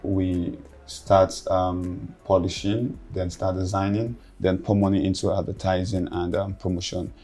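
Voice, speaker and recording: An actor with a Nigerian accent playing a businesslike, persuasive publisher. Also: male voice, low-pitched, flat delivery, a little slow, hardly any pauses, warm tone, soft background music. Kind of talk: film acting.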